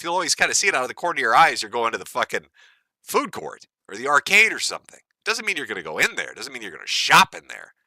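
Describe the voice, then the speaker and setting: A man's voice: medium pitch, sharp tone, dry recording. A man hosting a livestream, ranting in a crude, mocking, profane way. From United States. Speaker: livestream host.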